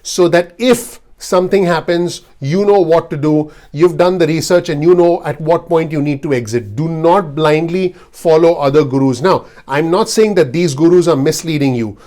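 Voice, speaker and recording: A man's voice: fairly high pitch, moderate pace, few pauses, warm tone. A man giving blunt, earnest investing advice straight to his video audience. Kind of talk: direct-to-camera advice talk.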